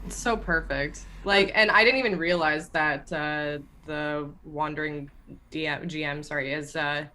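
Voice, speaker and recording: A woman in casual chat between tabletop game sessions, excitable and rambling, swearing freely. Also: low-pitched, unhurried. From Canada.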